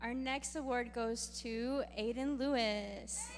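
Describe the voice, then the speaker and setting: A woman's voice: on the high side, steady tone, slow pace. A woman who teaches fifth and sixth grade presenting awards at a graduation, praising each student. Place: graduation ceremony hall. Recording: reverberant hall, faint crowd.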